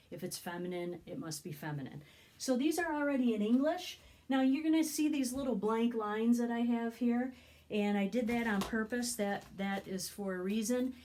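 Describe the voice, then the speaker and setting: A woman teaching Spanish grammar in a classroom style. She often checks in with the class, asks questions, and slows down to stress key words. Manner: checks in with frequent "okay?" and "right?", lively rises in pitch. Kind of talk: classroom lesson explaining at a board.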